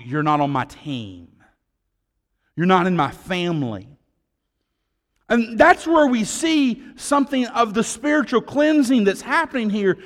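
A pastor with a high-pitched voice preaches a sermon, swinging between loud declarations and hushed tones and tossing conversational asides to the congregation. His voice trails off in a long reverb tail.

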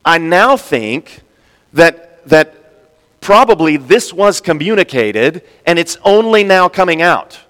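A man preaching a sermon, animated, acting out quoted speakers with sudden jumps in pitch and loudness. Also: slow pace. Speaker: pastor. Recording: long reverb in a large hall.

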